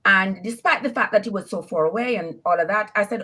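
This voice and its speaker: A woman's voice: mid-range voice, a little fast, pushed and bright. A woman calling in to a live show, animatedly telling her own story, laughing and acting out the quotes. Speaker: caller. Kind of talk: call-in storytelling.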